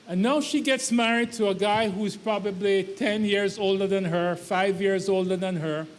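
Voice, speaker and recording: Male pastor with a very high voice, emphatic preaching, long hall reverb. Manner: emphatic, repetitive preaching cadence. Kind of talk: sermon. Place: church sanctuary.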